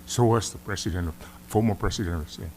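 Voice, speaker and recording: A man's voice: deep voice, racing, darkish tone, a little hiss or hum. A middle-aged man with a Samoan accent, a senator sternly scolding an official during a hearing in a legislative chamber. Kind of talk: formal hearing address.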